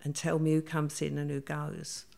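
A woman's voice: low voice, monotone, moderate pace, gravelly, darkish tone. An older woman, a guest recounting her past in a chatty interview, acting out what others said. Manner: chatty, acts out quoted voices. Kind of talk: storytelling interview.

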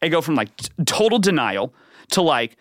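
Lively, bright-voiced man telling a comic story. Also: moderate pace, no room sound, studio quality. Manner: rambling, acts out quotes with big pitch jumps. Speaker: podcast guest, comedian. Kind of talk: animated comedic storytelling.

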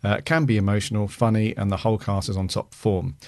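Low-voiced podcast host reading reviews. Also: male voice, fast talker, dry recording, studio quality. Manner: relaxed, reads aloud with fillers. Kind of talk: casual podcast chat, reading listener reviews.

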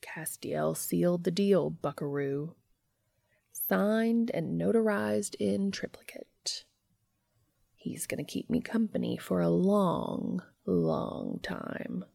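A woman voicing a petulant, sinister entity in a read-aloud fan fiction story, taunting in a hushed sing-song half-whisper. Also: lowish voice, lively intonation, slow, vocal fry, dry recording, studio quality, heavily acted. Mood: mocking. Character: mocking shape-shifting entity, sinister, petulant.

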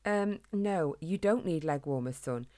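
A woman's voice: low voice, lively intonation, a little slow, warm tone. A woman voicing a plump, fatherly male hedgehog who lectures his son, in a storybook reading. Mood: lecturing. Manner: patient, instructive, fatherly.

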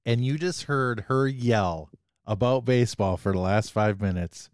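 A man's voice: mid-range voice, measured pace, a little mellow, clear, resonant tone, no echo, studio quality. A man hosting a podcast, chatting in a playful, mock-dramatic way. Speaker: podcast host. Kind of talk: casual chat.

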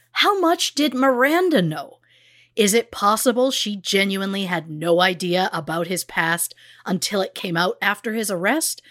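A woman's voice: medium pitch, fairly bright tone, dry recording, studio quality. A woman co-hosting a true crime podcast, blunt and sarcastic as she recaps a case. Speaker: podcast co-host.

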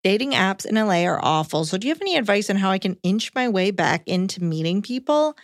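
A woman co-hosting a podcast, reading a listener's letter aloud in a calm, even way. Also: mid-range voice, fast, no room sound, clean studio sound. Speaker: podcast co-host.

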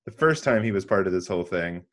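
A man's voice: deep voice, expressive, fast talker, soft background music. A man co-hosting a podcast, casually recapping a film's scenes. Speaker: podcast co-host. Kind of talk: casual chat.

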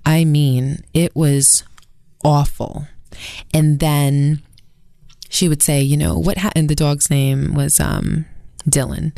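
Earnest low-voiced woman storyteller. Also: little pitch movement, slow, vocal fry, pauses often, dark tone, dry recording, studio quality. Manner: earnest storytelling, mimics family members in quotes. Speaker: podcast co-host. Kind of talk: casual conversation.

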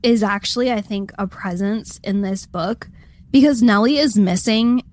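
A woman with a medium-pitched voice co-hosts a podcast, chatting casually. She's animated and laughs readily.

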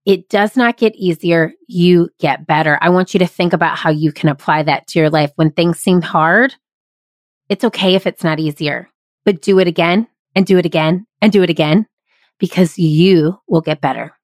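A woman's voice: on the low side, moderate pace, no room sound. Upbeat woman podcast host, dry sound. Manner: upbeat, emphatic and motivational. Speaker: podcast host and improv workshop leader. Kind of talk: solo podcast monologue. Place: small closet. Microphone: studio podcast microphone.

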